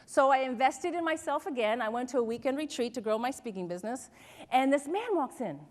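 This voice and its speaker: A woman motivational speaker telling stories in a keynote speech, animated and laughing, asking the audience questions. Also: high voice, brisk. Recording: large hall with long reverb.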